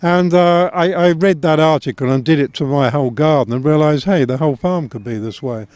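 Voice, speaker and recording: A man's voice: fairly high pitch, a little fast, dry recording. Older man with English-Australian accent. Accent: mixed English and Australian. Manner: gentle, wry, chuckling. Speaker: guest author. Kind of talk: reflective interview talk.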